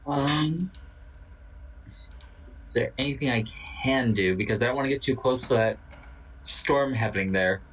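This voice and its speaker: A man playing a tabletop game in an unhurried way, sometimes stumbling over his words. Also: mid-range voice, a bit bright, a little hiss or hum, rough recording. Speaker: player.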